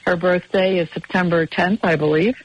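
Woman, radio co-host, casual rambling chat, husky voice, muffled dry broadcast sound. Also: lowish voice, fairly even intonation, moderate pace. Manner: rambling, anecdotal storyteller.

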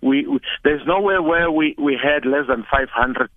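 An older man with a South African accent, a former football coach speaking as a guest over the phone in a relaxed, chatty way. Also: a little high, normal speed, no echo. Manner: relaxed, chatty, repeats words when starting. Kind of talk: phone interview. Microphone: telephone. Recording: tinny phone line.

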